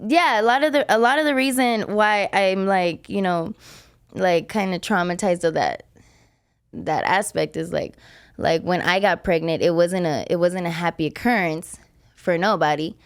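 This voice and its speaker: A woman's voice: on the low side, normal speed, smooth. Blunt, profane young woman telling her story. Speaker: podcast host. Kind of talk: casual podcast chat.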